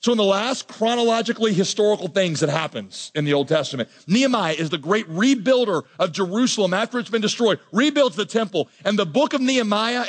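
A man preaching a sermon as pastor, swinging between soft low lines and raised, emphatic ones. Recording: long reverb of a large hall.

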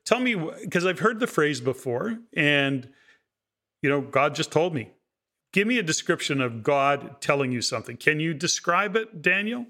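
A man's voice: fairly high pitch, lively intonation, moderate pace, pushed and bright. A man hosting a podcast, chatting reflectively with many asides as he interviews a guest. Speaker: podcast host. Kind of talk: conversational interview.

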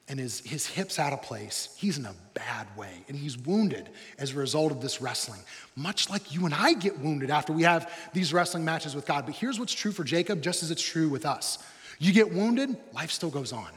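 A man preaching a sermon, animated, swinging between loud excited bursts and quiet, low, intense stretches. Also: in a large hall. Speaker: pastor.

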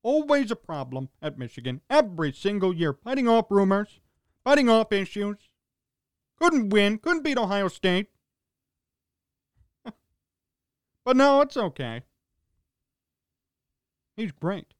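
A man's voice: high voice, expressive, a little slow, pauses often, clear, resonant tone, no room sound. A man hosting a sports talk radio show, ranting in a sarcastic, exasperated way in short punchy fragments.

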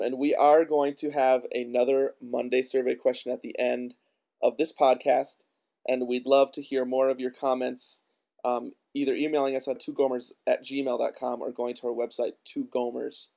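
A man with an Upper Midwest accent co-hosting a casual podcast, relaxed and quick to chuckle. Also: medium pitch, gravelly. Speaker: podcast co-host.

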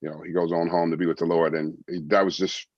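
Deep-voiced middle-aged male guest, earnest testimony, dry, slightly muffled sound. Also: level tone, fast, dry recording. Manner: earnest storytelling, repeats phrases, quotes God and others. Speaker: guest, former baseball player and evangelist. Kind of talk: testimony in a podcast interview.

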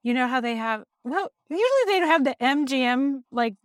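Giggly, bright-voiced woman podcast co-host. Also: sits high, lively intonation, brisk, dry recording, clean studio sound. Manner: enthusiastic, giggly storyteller. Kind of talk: casual podcast chat.

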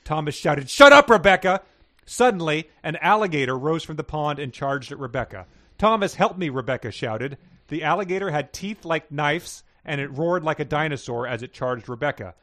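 A man's voice: fairly high pitch, normal speed, hardly any pauses, fairly bright tone. A man co-hosting a podcast, chatting casually and reading passages aloud with small stumbles. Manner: reads passages plainly with small stumbles and chuckles. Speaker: podcast co-host reading listener submissions.

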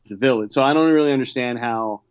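A man's voice: mid-range voice, fast, smooth. Easygoing man on a dull-sounding mic. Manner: easygoing, hesitant, lots of fillers. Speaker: podcast co-host reviewing movies. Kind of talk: casual chat.

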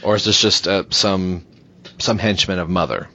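A man with a low voice muses through ideas on a podcast, often restarting and posing questions. The sound is muffled and lo-fi. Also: steady tone, moderate pace, bright, forceful tone. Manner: thinking aloud, hesitant restarts. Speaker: podcast co-host. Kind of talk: casual podcast chat. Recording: dull lo-fi audio.

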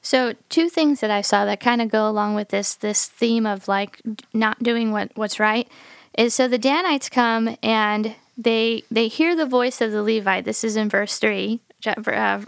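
A woman, a pastor, in a podcast Bible discussion, who retells stories in a lively way and acts out the dialogue. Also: a little high, a little slow, gravelly, clear, resonant tone, no room sound.

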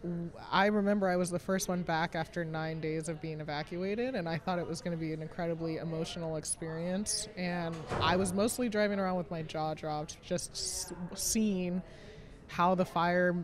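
A woman's voice: fairly low pitch, fairly even intonation, moderate pace, crowd noise. A woman in her late twenties, a vineyard manager, talking casually in an interview, chatty and self-deprecating, laughing often between many fillers. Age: 20s.

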